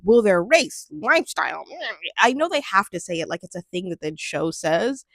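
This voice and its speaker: A chatty young woman recaps a reality show in a casual, sarcastic way, laughing often and restarting her thoughts. Her pitch swings widely as she talks. The sound is dry and close, with no room around it. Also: very animated, moderate pace, fairly bright tone, no room sound. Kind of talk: casual chat.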